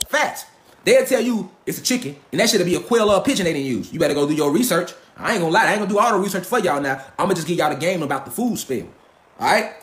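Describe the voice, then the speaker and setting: A man's voice: sits high, a bit bright. A man giving a preachy, swaggering solo lecture, profane and emphatic, hammering his points with repeated rhetorical questions. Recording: echoey room.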